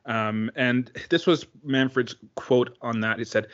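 A man co-hosting a sports podcast in casual chat, talking in halting bursts full of restarts and repeated words. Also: medium pitch, fairly bright tone, dull audio. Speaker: podcast co-host.

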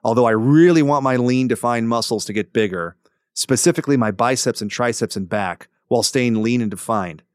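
A man hosting a podcast, reading a listener letter aloud with relaxed, joking asides. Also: medium pitch, brisk, dry recording, clean studio sound. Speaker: podcast host.

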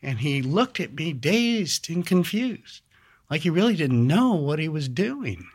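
A man slowly recounting a violent attack in first person, measured and deliberate, rising sharply when he quotes shouts. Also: mid-range voice. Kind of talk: slow first-person storytelling.

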